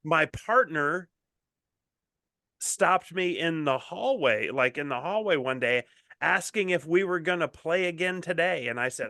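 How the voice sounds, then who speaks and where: A man co-hosting a podcast, telling stories in a relaxed, self-mocking way. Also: on the high side, a little slow, creaky, no echo, clean studio sound. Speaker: podcast co-host. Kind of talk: casual chat.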